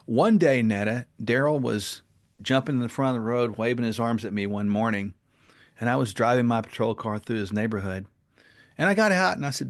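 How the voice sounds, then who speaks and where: Man with a gravelly voice telling a story on a podcast, earnest, gets animated. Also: fairly low pitch, brisk. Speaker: podcast guest. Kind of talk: casual interview talk and storytelling.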